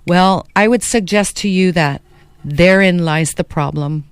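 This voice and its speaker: Heartfelt middle-aged woman, crisp and close, for a call-in radio show. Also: lowish voice, no echo. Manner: passionate, heartfelt.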